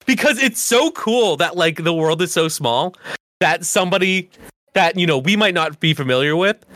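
A man's voice: on the high side, moderate pace, a bit bright, dry recording, clean studio sound. A man co-hosting a casual podcast, rambling with lots of fillers and laughing easily. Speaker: podcast co-host.

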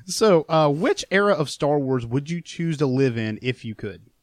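A man's voice: on the high side, lively intonation, a little slow, no echo, studio quality. A man hosting a casual group chat, asking the others questions and musing along. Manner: inquisitive, prompts the others with questions. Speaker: podcast host.

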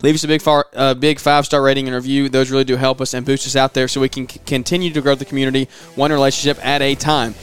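A man with a Southern US accent hosting a podcast, relaxed and halting, with many fillers. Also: mid-range voice. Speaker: podcast host. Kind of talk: casual interview chat.

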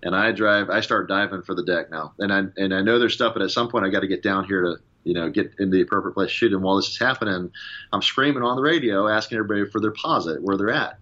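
Man, lower voice, rapid and bright, ex-pilot telling a war story, lo-fi sound. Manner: fast, animated retelling with acted-out radio calls. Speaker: former fighter pilot. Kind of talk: casual storytelling in an interview.

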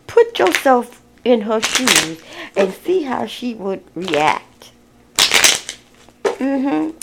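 A woman giving a casual tarot reading, talking bluntly and with exasperation, swearing as she addresses the viewer directly. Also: on the high side. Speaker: tarot card reader.

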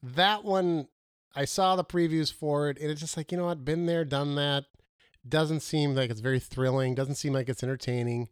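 A man's voice: a little high, fairly even intonation, moderate pace, clean tone, no echo, clean studio sound. A man co-hosting a casual movie review chat, rambling and losing his words mid-sentence.

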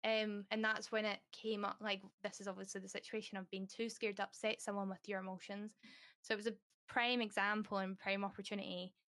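A woman's voice: medium pitch, little pitch movement, a little fast, fairly bright tone. Candid, rambling young woman guest. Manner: candid, rambling, heavy use of "like" fillers; acts out quoted dialogue. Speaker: podcast guest. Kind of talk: casual podcast chat.

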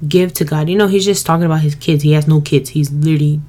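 Low-voiced young woman, slangy podcast host. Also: fast. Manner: slangy, lively retelling with quoted voices. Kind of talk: casual faith podcast retelling.

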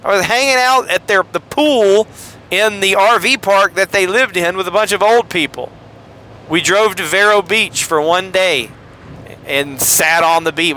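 A man's voice: high-pitched, sharp tone, a little hiss or hum. A man hosting a solo podcast from a car, talking in a rambling, jokey way full of asides. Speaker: podcast host.

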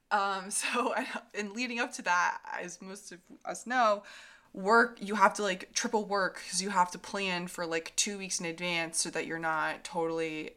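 This podcast co-host is a young woman whose fairly low, bright voice carries a forceful tone at an unhurried pace. She chats casually, spins stories, performs the quotes, and laughs frequently.

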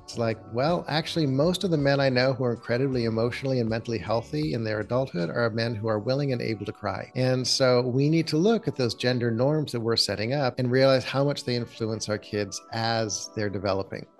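A man, a therapist, calmly explaining parenting advice as a guest in an interview, posing reflective questions. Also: medium pitch, a little fast, hardly any pauses, faint music behind. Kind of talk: conversational advice in a podcast interview.

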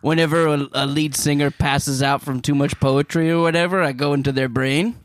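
An actor playing a dream-stalking slasher as a goofy guest, rambling through improvised pitches and laughing at his own ideas. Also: steady tone, fairly quick, natural voice. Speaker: guest in character. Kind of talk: improvised comedy interview.

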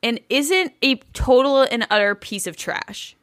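A woman's voice: high-pitched, animated, a little slow, a bit bright, no room sound, clean studio sound. A woman co-hosting a podcast, chatting bluntly and with lots of swearing about a reality show. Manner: blunt, profane, giggly. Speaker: podcast co-host. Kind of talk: casual reality TV recap chat.

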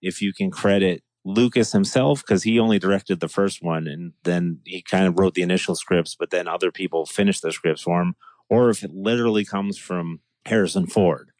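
A man's voice: sits low, steady tone, normal speed, darkish tone, dry recording. A man talking in a casual podcast chat, enthusiastic and rambling, with restarts and laughs.

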